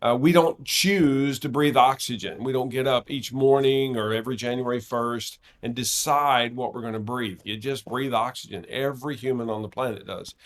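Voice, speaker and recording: A man talks through his research as a podcast guest, patient and explanatory. His voice sits in a middle register, and he fills short pauses with "uh" as he builds each point. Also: medium pitch. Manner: measured, explanatory, with filler "uh"s.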